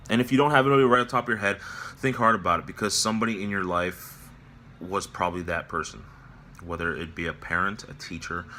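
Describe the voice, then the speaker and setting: A man giving a somber personal vlog update from his workplace, talking in a halting, reflective way with many pauses and restarts. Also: fairly low pitch, pushed and bright, a little hiss or hum. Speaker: vlogger. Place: at his workplace near closing time.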